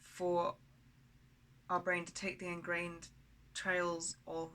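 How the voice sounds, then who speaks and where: Candid woman with a bright, even voice. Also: fairly low pitch, slow pace, poor audio. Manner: raw, candid and blunt, with frequent swearing; rambling, with many fillers and restarts. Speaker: vlogger. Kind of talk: personal video diary.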